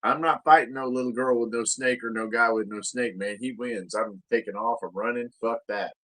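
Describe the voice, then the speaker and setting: A man's voice: mid-range voice, steady tone, normal speed, fairly bright tone. A man, co-hosting a casual podcast chat, crude and boastful, often laughing at his own jokes. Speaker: podcast co-host.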